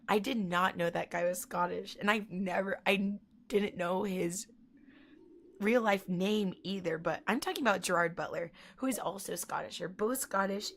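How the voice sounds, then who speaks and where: A woman chatting casually while she plays a video game, rambling through a story and reacting out loud to the game. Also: medium pitch, creaky, a little hiss or hum. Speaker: gaming streamer. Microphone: headphones on.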